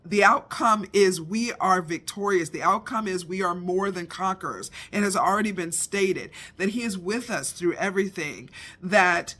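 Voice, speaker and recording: Bright-voiced woman telling a family story. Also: lowish voice, normal speed, hardly any pauses. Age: middle-aged. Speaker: devotional speaker. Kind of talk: personal story with a faith lesson.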